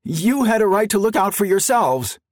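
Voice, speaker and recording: A man's voice: high-pitched, sing-song, moderate pace, no echo, clean studio sound, voice pushed up. A man narrating a story voices a meek, frightened working man who answers back with stubborn defiance. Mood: defensive. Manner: nervous but stubborn.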